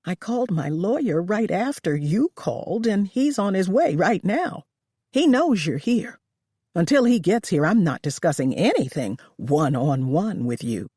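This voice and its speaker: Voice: medium pitch, very animated, a little slow, breathy edge, dry recording, clean studio sound. A narrator doing a cornered rich woman. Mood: tense. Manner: tense, sharp and demanding. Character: wealthy woman, defensive and cornered.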